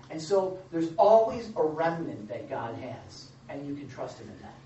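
A male pastor delivers a sermon in a lively way, acting out the scripture quotes and adding playful asides. His voice echoes through a roomy space and comes from some distance from the mic. The sound is dull, with faint background noise. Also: fairly high pitch, moderate pace, few pauses. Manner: animated, joking asides, acts out quotes. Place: church or meeting room with a live audience.

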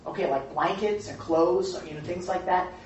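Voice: medium pitch, moderate pace, slight background noise. A Bible study teacher talking casually and animatedly to a group, often asking them questions. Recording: very echoey room, distant mic, dull sound.

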